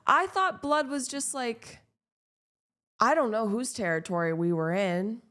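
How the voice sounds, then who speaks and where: A woman's voice: fairly high pitch, unhurried, pushed and bright. A young woman, chatting casually with her stream while gaming, rambling and self-deprecating with lots of fillers.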